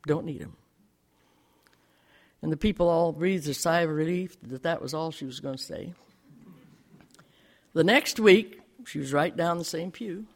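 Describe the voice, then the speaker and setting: A man's voice: on the high side, normal speed, creaky. An older man telling a personal testimony to a church congregation, bringing the story to life by acting out the dialogue. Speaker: lay speaker giving a testimony in church.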